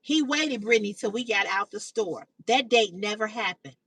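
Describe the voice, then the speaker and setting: A middle-aged woman is telling a story to her livestream viewers, with a bright, high voice. She swears freely and jumps up higher whenever she acts out the quoted lines. The sound is dry and picked up from slightly away from the mic. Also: expressive, moderate pace, slightly rough, no echo, distant mic, low-quality recording. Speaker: livestream host. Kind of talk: casual storytelling to live chat.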